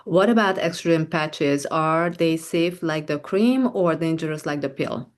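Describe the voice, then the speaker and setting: Woman host reading out viewer questions, low voice, really slow and gentle.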